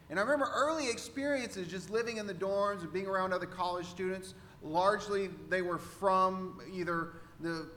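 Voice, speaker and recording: A man's voice: high-pitched, bright, forceful tone, long reverb tail, a little hiss or hum. A man from Central Texas with a Texan accent, preaching a sermon as pastor in a conversational way, repeating rhetorical questions. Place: church sanctuary.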